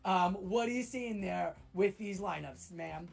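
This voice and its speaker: A woman co-commentating a live competitive match, lively and excitable at big moments. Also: mid-range voice, a little slow, vocal fry. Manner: excitable, breaks into shouts at big plays. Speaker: esports co-commentator. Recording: faint music bed.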